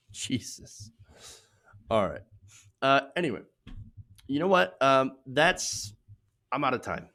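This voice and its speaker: A man's voice: mid-range voice, very animated, unhurried, pauses often, fairly bright tone. A man hosting a live political commentary stream, talking emphatically and indignantly and raising his voice to drive points home, then rambling with fillers when speaking off the cuff.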